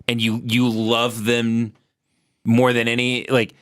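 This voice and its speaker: A man's voice: medium pitch, monotone, slow pace, a bit bright, clean tone. A man hosting a podcast in casual chat, making dry, wry remarks. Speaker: podcast host.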